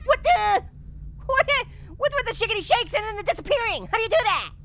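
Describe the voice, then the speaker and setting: Annoying Orange, a squeaky hyper talking orange. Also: male voice, big pitch swings, fast talker, pushed and bright, exaggerated voice. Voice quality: squeaky, sped-up cartoon voice. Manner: punning, jumpy, giggly, yelps at scares. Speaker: gaming host. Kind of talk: comedic let's-play commentary.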